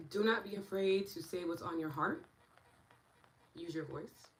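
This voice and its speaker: A woman's voice: on the low side, unhurried, poor audio. A young woman with a New York accent, leading a live online tapping session in a bubbly, chatty way and reading viewer comments as she goes. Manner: bubbly, bursts into excited laughter. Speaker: meditation and tapping guide. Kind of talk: casual live-stream teaching while reading chat.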